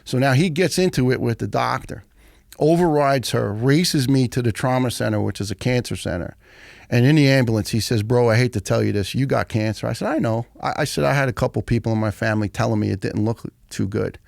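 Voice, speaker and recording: A middle-aged man, telling his story as a podcast guest in a blunt, profane, animated way. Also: medium pitch, a little fast, gravelly, dry recording, clean studio sound. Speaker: guest, retired firefighter.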